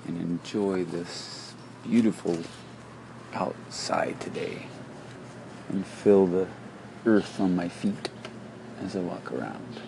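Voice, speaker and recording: A man's voice: sits low, takes it slowly, vocal fry, long pauses, noisy background. A man hosting a casual solo podcast, talking outdoors into a phone app as he walks, rambling and goofy as he muses aloud. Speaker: podcast host. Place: outdoors, walking around.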